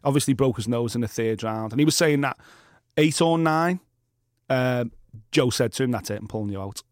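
A man's voice: medium pitch, normal speed, darkish tone, no echo, clean studio sound. A man, co-hosting a boxing podcast in casual, blunt, opinionated chat with plenty of swearing.

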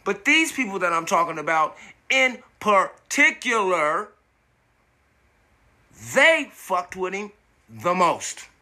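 A man rants indignantly on his podcast, his voice sitting high and swooping all over the place. He talks slowly and deliberately, with a very bright, cutting tone, swearing freely and tripping over repeated words as he gets worked up. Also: big pitch swings. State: coughing from smoking. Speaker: podcast host. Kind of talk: angry monologue.

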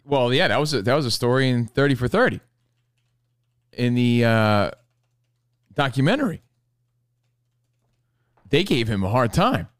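A man's voice: mid-range voice, very animated, unhurried, pauses often, dry recording. A man hosting a casual sports talk show, laid-back and sure of his opinions.

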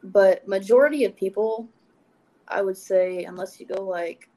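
A woman's voice: medium pitch, moderate pace, mellow, low-quality recording. A young woman from Texas with a light Texan accent, chatting casually on a podcast. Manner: chatty, laughs at herself, lots of likes. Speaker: podcast guest. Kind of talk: casual chat.

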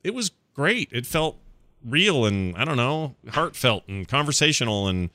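A man's voice: medium pitch, big pitch swings, unhurried, pushed and bright, dry recording, studio quality. A man hosting a casual gaming podcast, chatting enthusiastically and joking as he rambles through the news. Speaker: podcast host.

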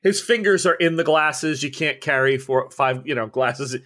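A man's voice: mid-range voice, moderate pace, a crowd in the background. Man narrating a tabletop game. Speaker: game master.

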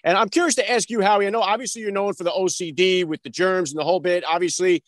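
A man's voice: high-pitched, fairly even intonation, quick pace, no echo. A man hosting a podcast, asking long, chatty, rambling questions. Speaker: podcast host. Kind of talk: interview questions.

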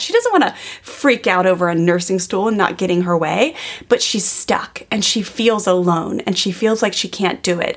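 A woman's voice: a little high, vocal fry, breathy edge. A woman in her thirties, a parenting educator, telling a personal story to her audience in an earnest, chatty way, full of "like" fillers.

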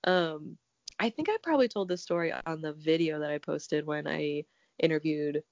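A woman's voice: low-pitched, normal speed, dry recording. A woman with a cold, chatting casually as a podcast host, laughing often and talking to her cat. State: sick with a cold. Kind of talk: casual chat. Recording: dull lo-fi audio.

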